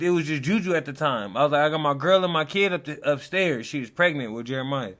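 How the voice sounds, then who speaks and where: A man's voice: fairly high pitch, lively intonation, fast, few pauses, bright, forceful tone. A young man hosting a casual reaction chat, telling a story in loose slang and acting out the quotes. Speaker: host.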